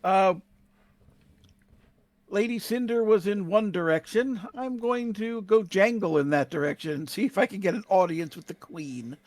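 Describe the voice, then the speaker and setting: A man casually thinking aloud as a tabletop player, hesitant and full of ums. His voice is high for a man, and it sounds dry and close-miked. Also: normal speed, darkish tone, no echo.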